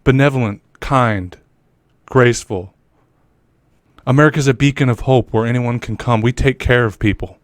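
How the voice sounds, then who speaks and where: A man's voice: mid-range voice, moderate pace, dry recording, clean studio sound. A man hosting political commentary, ranting in a heated, profane way. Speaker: commentary host.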